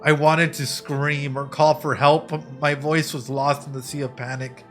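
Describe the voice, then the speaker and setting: A man voicing a scared young survivor in a game, telling a story in a shaken, hushed way. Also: fairly high pitch, flat delivery, measured pace, faint music behind, pitched below the performer's own voice. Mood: fearful. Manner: hushed and shaken, then pleading and panicky. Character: young frightened survivor recounting an escape.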